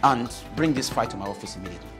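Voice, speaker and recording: An actor with a Nigerian accent playing a callous hospital doctor giving curt orders to a nurse. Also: male voice, mid-range voice, expressive, very fast, music in the background, natural voice. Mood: commanding. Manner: curt, commanding. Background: film score.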